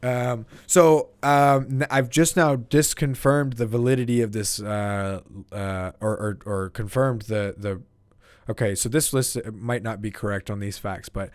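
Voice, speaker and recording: A man's voice: on the low side, fairly even intonation, a little slow, smooth, no room sound. Rambling young man reading trivia aloud. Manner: rambling, stumbles over words, reads out trivia. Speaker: podcast co-host. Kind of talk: casual chat.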